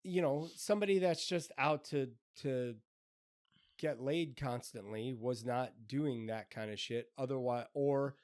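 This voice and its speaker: A man's voice: mid-range voice, a little slow, a little mellow. A man co-hosting a podcast, talking bluntly and swearing casually in conversation. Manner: blunt, swears, reacts with short backchannels. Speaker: podcast co-host. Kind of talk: casual chat.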